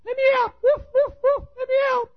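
A man's voice: flat delivery, fairly quick, lo-fi sound. A preacher voicing a tiny male Chihuahua that yaps and whines to be let out. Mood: whiny yapping. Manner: squeaky high yapping, whiny pleading. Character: tiny yapping male Chihuahua pleading to be freed.

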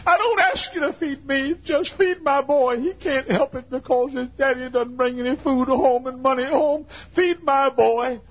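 A man's voice: normal speed, few pauses. A preacher acting out a weeping mother praying. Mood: tearful pleading. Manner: desperate, high pleading prayer. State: crying. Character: poor praying mother, sobbing and pleading. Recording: dull lo-fi sermon recording.

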